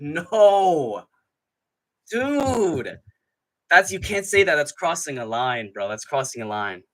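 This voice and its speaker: A man hosting a live fight-night stream, ranting in a rambling, profane, excitable way and often laughing mid-sentence. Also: fairly high pitch. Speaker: MMA streamer host. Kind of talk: live stream commentary, casual rant.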